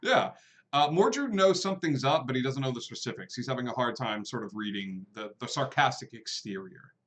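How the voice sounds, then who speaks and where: A man's voice: mid-range voice, lively intonation, brisk, a bit bright. A man narrating as game master of a tabletop role-playing game, talking casually with many fillers and lightly voicing the characters he plays.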